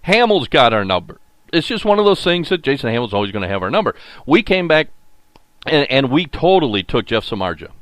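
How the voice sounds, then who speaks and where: A man's voice: medium pitch, big pitch swings, a little fast, a bit bright, no echo. An older man hosting a solo sports talk show, folksy and rambling with lots of fillers. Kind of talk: solo sports radio podcast monologue.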